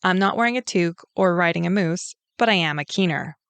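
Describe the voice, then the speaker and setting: A woman's voice: lowish voice, fairly quick, fairly bright tone, smooth, dry recording. A woman author with a Canadian accent reading her own author's note with friendly, self-deprecating humor. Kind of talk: author's note, read aloud.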